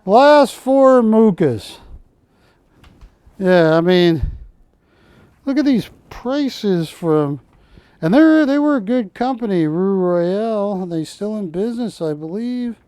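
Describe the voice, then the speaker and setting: A man's voice: high voice, animated, a little slow, mellow, clean tone, no room sound. A man hosting a live shopping-channel show, selling art with a folksy, joking, bargain-pushing manner in a TV studio. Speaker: home-shopping host.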